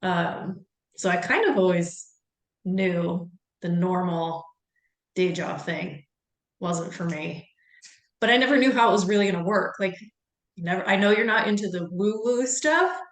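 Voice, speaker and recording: A woman's voice: lowish voice, expressive, measured pace, echoey room. A woman hosting a podcast, chatting casually and laughing often. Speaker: podcast host. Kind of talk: casual chat.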